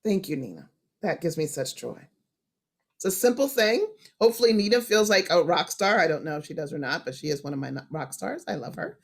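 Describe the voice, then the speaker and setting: A woman presenting an online storytelling workshop over a video call, expressive and animated, moving from hushed asides to loud emphasis. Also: deep voice, brisk, gravelly.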